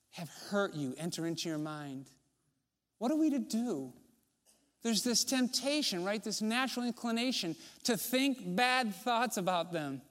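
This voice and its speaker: A pastor delivers a sermon in a lightly pitched voice, addressing the congregation as if speaking to a friend. He poses rhetorical questions and drops into soft, low tones for emphasis, while a long reverb carries his words as in a large sanctuary.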